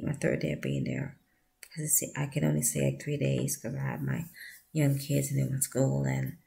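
Woman vlogging a heartfelt story, real croaky fry in her voice, earnest and encouraging. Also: rumbling low. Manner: soft, often drops to a breathy near-whisper; earnest, encouraging appeals to the listener. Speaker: vlogger sharing a personal story. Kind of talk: heartfelt personal testimony.

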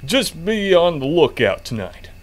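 A man doing a loud folksy small-town cop. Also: on the high side, big pitch swings, a little slow, pitched above the performer's own voice. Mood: chummy. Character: folksy small-town male police officer. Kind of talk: game commentary.

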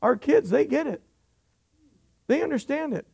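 A man's voice: extremely high pitch, lively intonation, measured pace, gravelly, a little mellow. A middle-aged man preaching a sermon as pastor, with humor and frequent rhetorical questions to the congregation.

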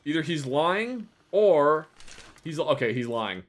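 Sarcastic male streamer, animated pitch. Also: slow pace. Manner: sarcastic, with sudden loud outbursts. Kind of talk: casual gameplay commentary.

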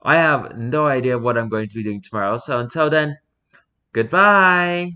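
Man, bright tone, casual reaction vlog, rambling, jokey, swears casually. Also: mid-range voice, fairly quick, dull audio. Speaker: vlogger reading posts aloud.

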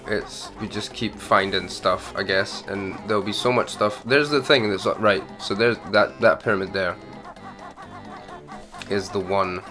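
A man's voice: on the low side, unhurried, pushed and bright, faint music behind. A man casually bantering while playing a video game with a friend, laid-back and laughing often. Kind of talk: casual let's-play banter.

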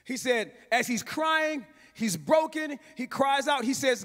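A male pastor preaches a sermon in a sing-song cadence. His voice sits very high and rises into shouts, and he repeats phrases for emphasis. The sound rings with the long reverb of a large church hall. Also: expressive, a little slow, hardly any pauses.

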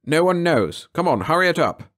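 A man voicing a brusque alien patrol officer in a storybook reading, barking orders loudly. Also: on the high side, big pitch swings, normal speed, pitched above the performer's own voice. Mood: commanding.

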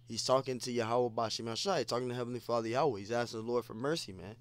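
A man's voice: mid-range voice, quick pace, hardly any pauses. A man giving an informal scripture lesson, repeating phrases and peppering his talk with "man" and "you know.". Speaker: preacher.

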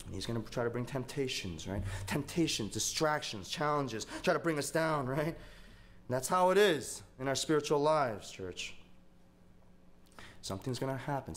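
Conversational young pastor preaching. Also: male voice, fairly high pitch. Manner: conversational storytelling, repeats words when fired up. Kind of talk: sermon.

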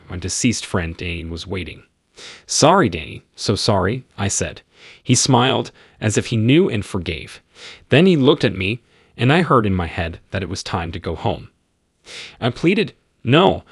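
Husky low-voiced man, dry narration. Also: no echo. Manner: terse, clipped, matter-of-fact telling. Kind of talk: scripted first-person narration.

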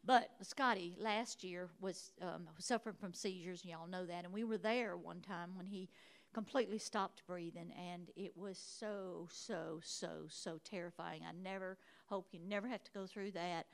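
A woman's voice: lowish voice, steady tone, moderate pace, creaky. A woman preaching a sermon in a church, emphatic and repeating her phrases. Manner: emphatic, repeating phrases, rising to shouts of praise.

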